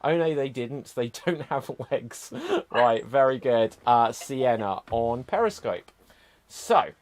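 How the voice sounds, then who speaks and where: Man, improv show host, upbeat, loose and chatty, mid-pitched voice. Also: animated, slow, a little hiss or hum. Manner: upbeat, loose, lots of fillers and asides. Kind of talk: chatty hosting of an improv game.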